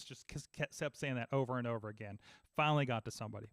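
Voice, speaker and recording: A man in casual podcast chat, telling an animated story and acting out both sides of phone calls. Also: medium pitch, fast, no room sound. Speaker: podcast host.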